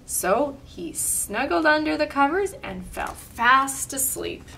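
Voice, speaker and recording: Storytime reader, woman, slightly high voice, animated, expressive. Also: slow pace, vocal fry, far from the mic, slight background noise. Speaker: storyteller and craft leader. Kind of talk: storybook read-aloud.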